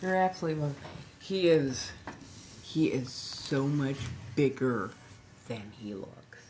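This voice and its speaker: Californian lady in her 40s, low voice, tipsy rambly livestream chatter. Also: expressive, a little slow, a little mellow. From Southern California. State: slightly tipsy. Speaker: livestream host. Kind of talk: casual livestream chat. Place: friend's house.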